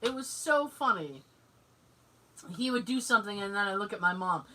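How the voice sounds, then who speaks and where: Lively, bright-voiced podcast host woman. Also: medium pitch, moderate pace, long pauses. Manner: animated, laughs often, swears freely. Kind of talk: casual chat, storytelling. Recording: distant mic, noisy.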